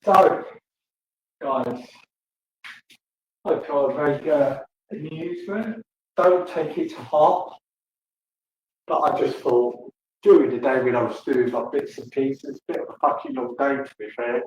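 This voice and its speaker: A man's voice: medium pitch, slow pace, long pauses, darkish tone. An older man, chatting crudely and laughing with viewers on a livestream, tired and rambling. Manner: crude, swearing, laughing often. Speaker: livestream host. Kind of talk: rambling casual chat to viewers. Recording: echoey room, distant mic, faint noise.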